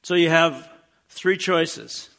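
A man preaching in a relaxed, conversational way, with a fairly high voice that is gravelly and bright. He keeps his teaching plainspoken and slips in dry, joking asides. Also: slow pace. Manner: casual and plainspoken with wry humorous asides. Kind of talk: conversational sermon.

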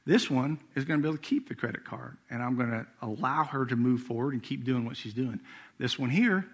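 A middle-aged executive pastor preaches a sermon, telling family stories in a relaxed, conversational way and acting out the quotes. His mid-range voice is brisk and slightly rough.

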